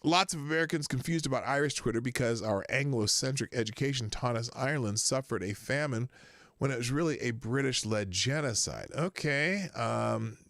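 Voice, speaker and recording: Male live-show host, casual rambling commentary, sharp bright voice, dry close sound. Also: mid-range voice, normal speed, vocal fry, no room sound. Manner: rambling, many fillers and restarts; chats with viewers, reads super chats.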